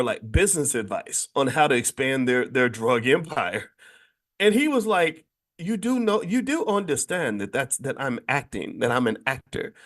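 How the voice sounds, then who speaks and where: Animated man lecturing on money. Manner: animated and emphatic, frequent restarts and repeated words; pitch jumps high when stressing a point. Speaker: finance educator hosting a daily morning show. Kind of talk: casual spoken talk to an online audience.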